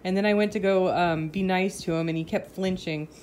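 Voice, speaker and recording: A woman with a fairly low voice chats casually at home, rambling through everyday stories. She keeps the tone easy and conversational, with a faint hiss in the background. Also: fairly even intonation, fairly quick, a little mellow. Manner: chatty storytelling, breaking off to scold her dogs. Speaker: vlogger. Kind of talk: casual chat. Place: home with pets.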